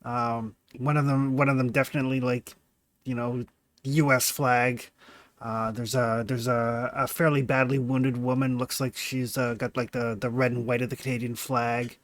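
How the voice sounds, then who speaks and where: A man's voice: medium pitch, little pitch movement, normal speed, no echo. A man narrating a tabletop game as game master, hesitant and full of fillers.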